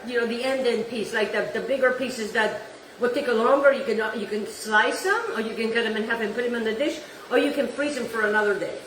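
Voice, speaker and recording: A cooking show host with a slightly high, fairly bright voice demonstrates a dish in her home kitchen, sprinkling in Italian words and repeatedly calling things "beautiful" and "wonderful." The rough recording is echoey and distant, with a bit of background noise.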